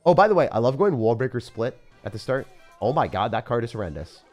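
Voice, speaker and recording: Excitable young man narrating gameplay. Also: medium pitch, fast, faint music behind. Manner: excitable, dramatic outbursts and self-pity, talks to viewers and chat. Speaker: gaming YouTuber. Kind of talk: live gameplay commentary.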